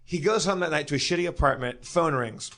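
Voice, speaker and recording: A man's voice: fairly high pitch, brisk, fairly bright tone. A man co-hosting a live comedy podcast, telling a long anecdote in a rambling way with many fillers and restarts. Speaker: podcast co-host. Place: live stage in front of an audience.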